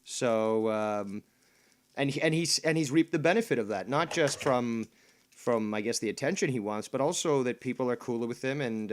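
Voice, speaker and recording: A man comments on clips during a casual livestream. He mocks his target with sarcasm and the odd curse. He often hesitates and restarts his sentences. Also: medium pitch. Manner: mocking, hesitant with fillers and restarts, profane.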